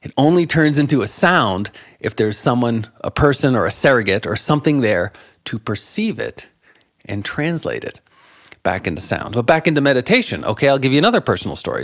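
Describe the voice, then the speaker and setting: A man in his fifties, a guest in an interview, telling animated stories about meditation and laughing often. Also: mid-range voice, no room sound, clean studio sound. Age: 50s. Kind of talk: conversational interview.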